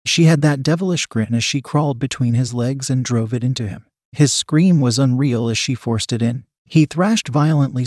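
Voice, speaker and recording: A man narrating a first-person story in a matter-of-fact, steady way. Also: mid-range voice, dry recording, studio quality.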